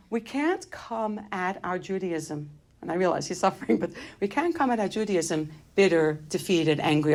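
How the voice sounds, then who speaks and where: A middle-aged woman gives an inspirational talk built on personal stories. She speaks in an animated, humorous way and moves easily between light asides and grave moments. Her voice sits at an ordinary pitch for a woman. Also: normal speed.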